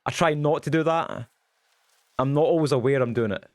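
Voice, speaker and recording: A young man chatting casually while streaming a game, goofy and quick, with lots of ums. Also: fairly high pitch. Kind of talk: casual livestream chat while gaming.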